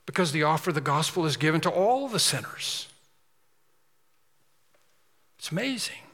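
Male preacher, slightly high, bright forceful voice, emphatic sermon delivery with long hall reverb. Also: very animated, fast. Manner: emphatic, repetitive preaching with rising intensity.

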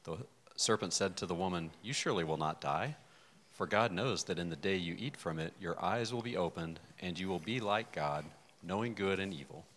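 A man from the class reading a scripture passage aloud in a steady, even way. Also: low voice, moderate pace, a little hiss or hum, poor audio.

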